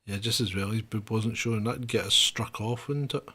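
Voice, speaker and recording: A man hosting a casual chat show, chatty and unhurried, talking to his viewers. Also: lowish voice, pushed and bright, slightly rough. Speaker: host.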